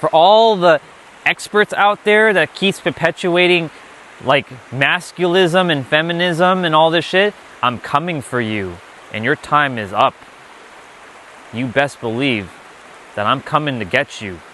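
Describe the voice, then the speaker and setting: A man's voice: on the high side, a little slow, pushed and bright, slight background noise. A man giving an unscripted spiritual lesson, blunt and emphatic, often swearing. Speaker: spiritual teacher.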